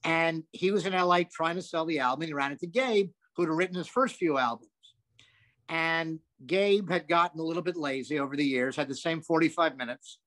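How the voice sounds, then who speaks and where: An older man, a comedian guest, telling animated anecdotes with lots of asides and some swearing. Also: on the high side, a little fast. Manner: animated, profane, rambling with asides. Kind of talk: anecdotal storytelling.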